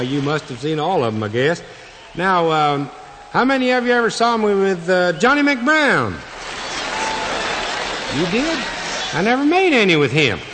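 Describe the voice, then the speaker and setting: A man's voice: a little high, background noise. A middle-aged man, telling folksy jokes on stage to an audience. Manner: drawling, joke-telling, rural folksy talk. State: has a cold. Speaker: comedian on stage. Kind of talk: folksy stage comedy monologue. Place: large venue with stage and audience. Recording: reverberant hall with audience ambience.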